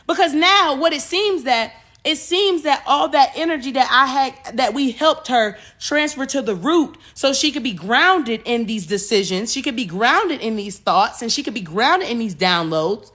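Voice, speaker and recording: A woman hosting a podcast, speaking. She talks in an animated way, repeating words and slipping into acted-out voices. Her voice is bright and sits fairly high. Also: moderate pace. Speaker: podcast host. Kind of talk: spiritual talk monologue.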